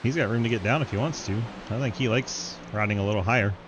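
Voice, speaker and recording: A man giving live, joking play-by-play commentary on an online race, laughing often and getting excited at crashes. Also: lowish voice, fast talker, dull audio, background noise. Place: home setup, online sim race broadcast.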